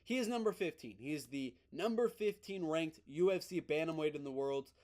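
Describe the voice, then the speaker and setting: High-voiced excitable man talking fight news. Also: moderate pace. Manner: excited, emphatic, repeats himself. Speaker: MMA news host. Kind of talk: casual opinionated commentary.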